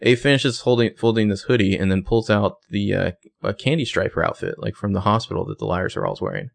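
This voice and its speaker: A man with a very low, gravelly voice, talking casually on a podcast. He tosses out theories about a show and hedges them with fillers as he goes. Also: expressive, fast talker. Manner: chatty, speculative, hedging with fillers. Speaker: podcast co-host. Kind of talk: casual recap chat.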